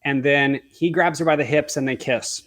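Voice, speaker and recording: A man's voice: on the high side, steady tone, normal speed, a bit bright. A man, a wedding photographer, telling a heartfelt story as a podcast guest, earnestly acting out the dialogue he quotes.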